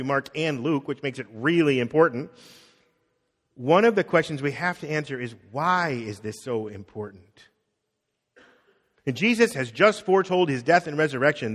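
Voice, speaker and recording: A middle-aged man, a pastor, preaching a conversational sermon, acting out quotes and dropping soft on key words. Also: fairly high pitch. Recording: long reverb of a hall.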